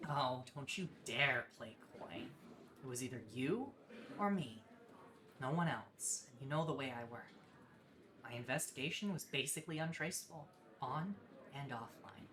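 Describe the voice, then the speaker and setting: A woman reading the lines of an angry, betrayed investigative journalist in a game, with a sharp, accusing, scornful manner. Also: extremely low pitch, expressive, normal speed, slight background noise.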